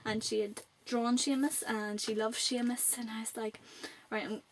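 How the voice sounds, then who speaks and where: A woman's voice: fairly high pitch, fairly even intonation, normal speed, slight background noise. A young woman in her late teens with a Northern Irish accent, chatting to camera in a rambling vlog. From Northern Ireland. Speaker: vlogger. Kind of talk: casual chat to camera.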